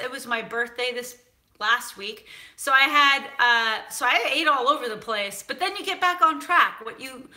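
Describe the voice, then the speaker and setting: A woman from San Francisco hosts a cooking show, chatting casually in a live stream as she reads viewer comments, animated and full of fillers. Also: high voice. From United States (San Francisco).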